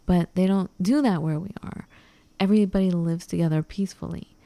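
Lively woman telling a story, mellow low voice. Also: fairly quick, gravelly, no echo. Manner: animated, acts out quoted dialogue. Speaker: podcast co-host. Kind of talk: casual storytelling chat.

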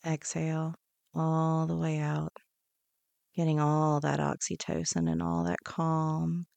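Slow, gravelly-voiced woman guiding meditation. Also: sits low, darkish tone, no room sound. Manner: slow, soothing, repetitive instructions. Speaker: meditation guide. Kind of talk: guided breathing meditation. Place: podcast studio.

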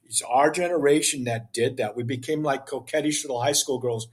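A man's voice: medium pitch, steady tone, fairly quick, few pauses, breathy edge. An older man as a podcast guest, speaking with passion in an emphatic, preachy way. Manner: emphatic, preachy, acts out dialogue. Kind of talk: impassioned interview talk.

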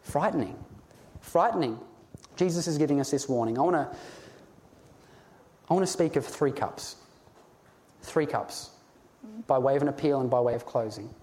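A man's voice: medium pitch, normal speed, long pauses, mellow. A man preaching a sermon in an earnest, pleading way, sometimes stumbling over his words when stirred. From Australia.

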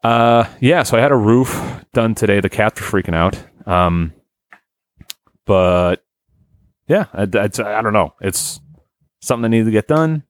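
A man's voice: on the low side, lively intonation, a little slow, long pauses, smooth, no room sound. A man hosting a podcast, chatting casually in a rambling, laid-back way with many fillers. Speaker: podcast host. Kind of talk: casual chat.

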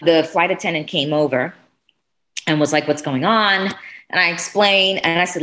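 A woman in casual chat, telling a story with lively swings and acting out what people said. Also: fairly low pitch, normal speed. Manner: animated, swearing, acts out dialogue.

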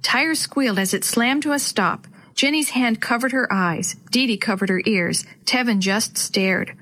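A woman reading a chapter book aloud to children as host, with clear, expressive storytelling. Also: on the high side, unhurried.

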